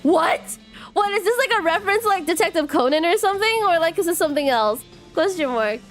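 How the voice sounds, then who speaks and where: A woman's voice: very high voice, a little fast, faint music behind. A bubbly young woman streaming a game, chatting with her viewers and reading the game's text aloud. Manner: bubbly, giggly, lively. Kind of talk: live game stream chat.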